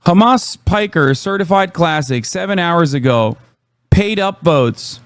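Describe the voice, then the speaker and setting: A man's voice: on the high side, animated, a little slow, dry recording. A man live-streaming, ranting about chat trolls in heated, profane, sarcastic commentary.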